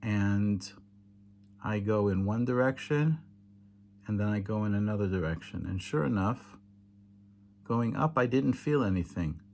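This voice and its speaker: A tired man explains a hands-on demonstration late at night, patient and halting, with many fillers and self-corrections. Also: lowish voice, expressive, darkish tone, a little hiss or hum. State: tired, yawning. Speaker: teacher demonstrating kosher slaughter. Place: home indoors in Israel, at night.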